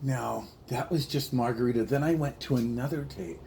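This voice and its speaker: A man's voice: mid-range voice, vocal fry, mellow, a little hiss or hum. A man chatting casually, telling a rambling story that stops and restarts often. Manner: rambling, halting, self-interrupting storyteller. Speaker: comedian. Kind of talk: casual chat.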